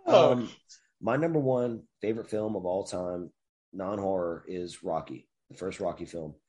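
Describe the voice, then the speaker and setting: A man's voice: deep voice, unhurried, slightly rough. A man co-hosting a casual podcast chat over voice chat, laughing often and swearing freely. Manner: loud, laughing, swears a lot. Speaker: podcast co-host.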